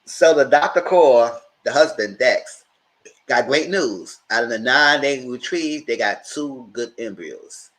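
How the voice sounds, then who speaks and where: A man's voice: mid-range voice, expressive, unhurried, a bit bright. A man hosting a live TV review stream, retelling the plot in a loose, slangy way and putting on voices for the characters he quotes. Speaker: TV review channel host. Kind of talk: casual live TV recap.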